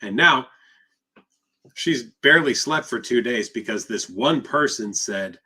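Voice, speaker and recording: Speaking unhurriedly in an expressive, mid-range voice that sounds pushed, bright and slightly rough, a male therapist fields questions in a live session. He is emphatic and conversational, leaning heavily on rhetorical questions.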